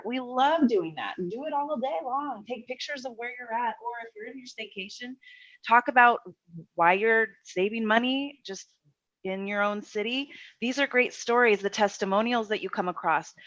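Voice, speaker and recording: A woman's voice: a little high, moderate pace, a bit bright, no room sound, highs cut off. A woman upbeat and friendly, urging the audience to review and share the business. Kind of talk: promotional appeal to audience.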